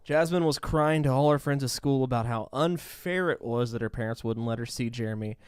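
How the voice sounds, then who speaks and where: A man co-hosting a podcast, narrating a case in a relaxed, wry manner between short replies. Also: mid-range voice, fairly quick, clear, resonant tone, no echo, studio quality. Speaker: podcast co-host. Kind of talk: casual chat and case narration.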